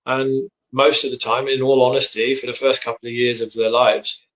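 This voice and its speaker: A man, a dog trainer, explaining his methods in an earnest, steady way from his home office. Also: medium pitch, moderate pace, low-quality recording. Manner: earnest, explanatory, lots of agreeing 'yep'. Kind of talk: casual conversation.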